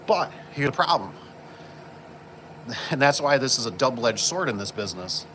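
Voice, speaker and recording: A man's voice: mid-range voice, big pitch swings, moderate pace, pauses often, fairly bright tone. Rambling working man, noisy job site. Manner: rambling, storytelling with lots of fillers. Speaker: garage door installer. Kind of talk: casual work vlog chat. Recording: work-site background noise with vehicles.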